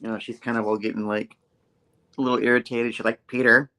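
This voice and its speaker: A man hosting a casual comic book review show, retelling a story and jumping into quick character voices. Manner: animated storyteller, jumps high for quoted characters.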